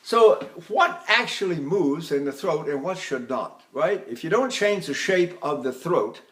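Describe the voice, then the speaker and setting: An older man leads a singing lesson in a high, bright speaking voice. He explains technique and keeps breaking into sung syllables and short phrases to show what he means. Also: lively intonation, a little slow. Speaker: voice teacher. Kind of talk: vocal technique lecture with sung demonstrations.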